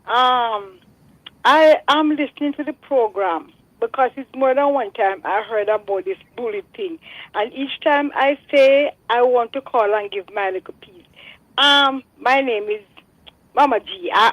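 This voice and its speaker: Older Jamaican woman, phone-in caller, high voice, dry phone line, earnest and preachy. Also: a little slow, no room sound. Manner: earnest, preachy, repeats herself. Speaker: radio caller. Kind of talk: phone-in testimony. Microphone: telephone.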